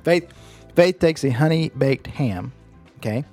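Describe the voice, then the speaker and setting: Congested man, animated joking podcaster. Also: medium pitch, a little slow, soft background music. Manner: joking, rambling, laughs often. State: congested nasal voice from a cold. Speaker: podcast co-host. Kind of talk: casual podcast chat.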